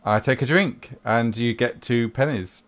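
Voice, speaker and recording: A man voicing a sly woman darts hustler in a pub, with a thick Italian accent and a teasing, smooth-talking manner. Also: medium pitch, unhurried, close to an everyday voice. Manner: teasing, smooth-talking, calls people darling.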